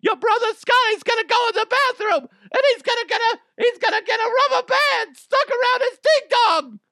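Man doing a shrieking, fussing mother, loud and high, dry booth sound. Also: animated, moderate pace, no room sound, full character voice. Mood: frantic. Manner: high, frantic, squealing. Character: shrieking excited middle-aged mother, fussing.

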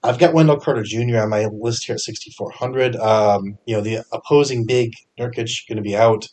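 On his fantasy sports podcast, a man runs through his picks with casual energy, stumbling over fillers and correcting himself as he goes. His mid-range voice moves a little fast.

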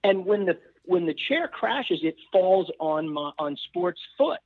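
Animated man telling a story over a thin line. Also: sits high, measured pace, no echo, narrow, tinny audio. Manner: animated storyteller who acts out voices. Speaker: former sports mascot performer. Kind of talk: storytelling in a panel chat.

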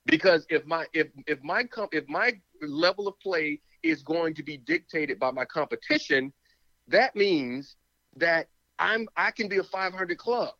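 Male ex-player analyst, fairly high voice, insistent and repetitive, muffled audio. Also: expressive, unhurried, pushed and bright. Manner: emphatic, repeats words, talks himself out of breath. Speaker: former pro football player, analyst. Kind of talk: sports talk, animated argument.

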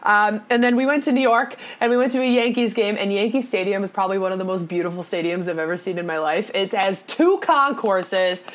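A woman's voice: medium pitch, a little fast, hardly any pauses. A young woman co-hosting a podcast, telling a bubbly, laugh-filled story in casual chat and acting out the people she quotes. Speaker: podcast co-host.

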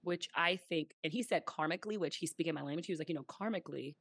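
This woman's low-pitched voice is fairly bright with a breathy edge, and she talks fast. On a podcast she co-hosts, she tells stories casually and voices the people she quotes playfully.

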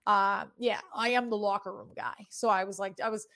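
A woman in her thirties from New England hosts a sports betting show, her Boston accent carrying a hint of New York. Her mid-range voice is bright and pushed, with fairly even intonation at a normal speed, as she rambles in casually profane chat.

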